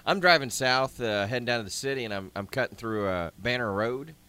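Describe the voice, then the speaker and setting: A man in casual chat telling a self-deprecating, animated story. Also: mid-range voice, brisk, smooth.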